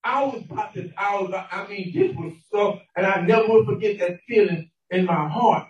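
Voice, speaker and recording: A man giving an emotional sermon testimony, stumbling over repeated words and breaking into shouted emphasis. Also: sits high, normal speed, lo-fi sound. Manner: repeats words, stammering restarts, bursts of shouting. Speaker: preacher. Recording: echoey room from a distance.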